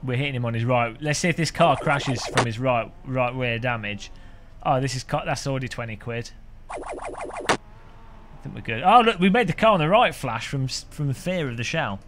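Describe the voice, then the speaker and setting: This British man's medium-pitched voice moves at a normal pace, with music playing behind him. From a home room, he rambles and jokes through a sim racing live stream, chuckling frequently.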